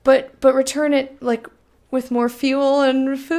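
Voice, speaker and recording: This streamer has a high voice with a darkish tone, little pitch movement, and a measured pace. She reads the game's text aloud and talks bluntly with her viewers, swearing freely in a relaxed let's-play.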